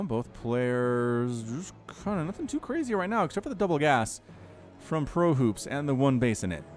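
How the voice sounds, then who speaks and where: A man commentating a strategy game replay in a chatty way, talking straight to his viewers. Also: mid-range voice. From United States. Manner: animated, chatty, addresses viewers directly. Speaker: esports caster.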